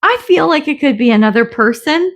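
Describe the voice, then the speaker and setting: A woman's voice: high-pitched, expressive, fairly quick. A middle-aged woman giving a casual tarot reading, chatty and often laughing, with the odd swear word. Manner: chatty, laughing, swears, acts out little voices. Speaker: tarot reader.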